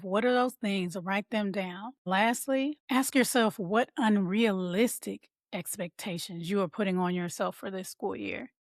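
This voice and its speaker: A woman's voice: mid-range voice, no room sound. A woman hosts a motivational podcast for mothers in a conversational coaching tone. She talks to listeners as y'all. Her voice sits mid-range and is recorded close, in a dry room. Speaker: podcast host and mom coach.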